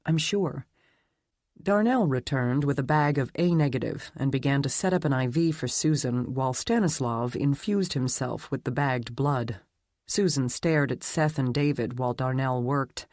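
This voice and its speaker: A man narrating a dark fantasy romance audiobook in a steady, even reading. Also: medium pitch, moderate pace, no room sound, clean studio sound. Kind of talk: scripted narration.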